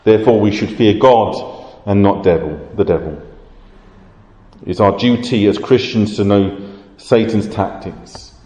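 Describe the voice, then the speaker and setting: A man preaching a sermon, explaining scripture in a measured way. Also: lowish voice, dark tone. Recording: roomy hall reverb.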